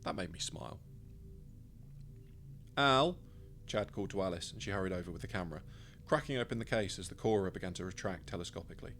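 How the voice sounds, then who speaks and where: A man's voice: deep voice, very fast, few pauses, slight background noise. A man, narrating his own short story in the first person with a dry, wry delivery.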